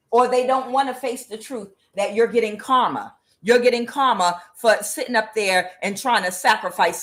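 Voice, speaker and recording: A woman giving a tarot reading as an angry, profane rant, mocking the people she blames and filling pauses with "uh". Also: on the high side, a bit bright. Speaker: tarot reader. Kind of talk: ranting tarot reading monologue.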